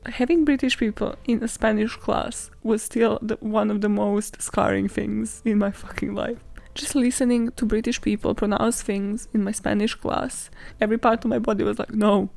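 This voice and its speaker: A woman's voice: medium pitch, vocal fry, darkish tone. A woman hosting her own podcast, telling stories in a casual, sweary and sarcastic way, often laughing and acting out quotes. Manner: dramatizes stories and acts out quotes. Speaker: podcast host. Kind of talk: casual solo podcast storytelling.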